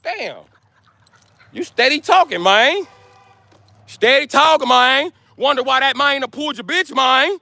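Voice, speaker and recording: Brief: American man in his forties, high bright voice with gravel, loud profane livestream rant. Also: lively intonation, a little slow, long pauses, no room sound. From United States. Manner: loud, blunt, cursing, ranting nonstop. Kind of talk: profane rant to a live stream.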